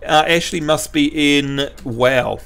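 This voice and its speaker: A man's voice: fairly high pitch, takes it slowly, creaky, fairly bright tone, smooth. A man with a New Zealand accent hosting a game live stream, reading chat messages aloud in a chatty, joking way. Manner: chatty, reads chat aloud, jokey outbursts.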